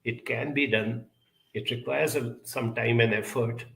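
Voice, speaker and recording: A man giving advice and answering audience questions in an earnest, measured way, pausing often with 'uh' between phrases. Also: mid-range voice, fairly even intonation, vocal fry, fairly bright tone, reverberant. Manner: measured, earnest, with frequent pauses and 'uh' fillers. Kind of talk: advice talk.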